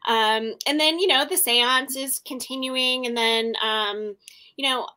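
A woman co-hosting a podcast, recapping a TV episode in relaxed, agreeable casual chat. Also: sits high, measured pace, clear, resonant tone. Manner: relaxed, agreeable, many fillers. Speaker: podcast co-host.

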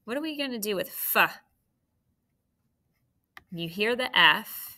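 With a mid-range voice, lively intonation, and a sharp tone, a woman leads a phonics lesson for third graders. She speaks slowly and clearly, staying patient and encouraging with her young students.

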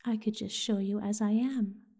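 A woman voicing a grumpy, busy woodpecker in a soft, hushed storybook reading. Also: mid-range voice, steady tone, normal speed, vocal fry, husky.

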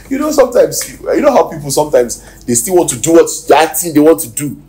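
A Nigerian-accented man preaching a sermon as pastor, swinging from loud shouted exhortations to quiet near-whispers. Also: a little high. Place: church hall. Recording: echoey hall, distant mic, faint noise.

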